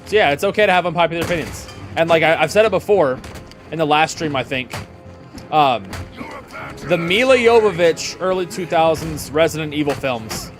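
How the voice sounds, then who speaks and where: Chatty young man streaming a game. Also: fairly high pitch. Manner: jokey, chatty, laughs often. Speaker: gaming streamer. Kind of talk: casual gaming commentary.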